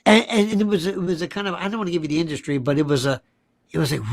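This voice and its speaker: A man's voice: a little high, steady tone, racing, dry recording. A man hosting a live-stream talk show, delivering an emphatic monologue full of repeated rhetorical questions. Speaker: host.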